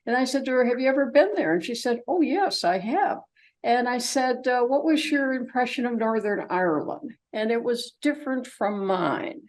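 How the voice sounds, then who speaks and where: A woman's voice: mid-range voice, a little mellow, rough recording. Chatty older woman giving a travel talk. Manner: chatty and rambling, with many fillers and asides. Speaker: travelogue presenter. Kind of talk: informal slide presentation to a group.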